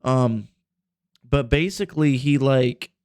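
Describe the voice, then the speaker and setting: A young male podcast co-host rambles through a long story in casual chat, swearing and using plenty of fillers. His medium-pitched voice is slow, a little mellow, clear and resonant, recorded in a clean studio with no room sound.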